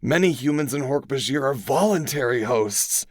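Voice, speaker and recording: A man's voice: medium pitch, animated, moderate pace, dry recording, clean studio sound, pitched above the performer's own voice, lightly acted. A man voicing an earnest teenage boy who explains things in a lifted, serious voice, in a solo-acted audiobook. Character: Tobias, earnest teenage boy trapped as hawk.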